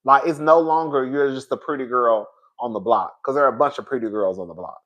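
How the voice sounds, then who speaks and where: A man hosting a casual reality TV review, talking in an animated, sassy way with frequent laughs and calling his viewers "girl.". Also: mid-range voice, quick pace, dull audio. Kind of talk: casual opinionated commentary.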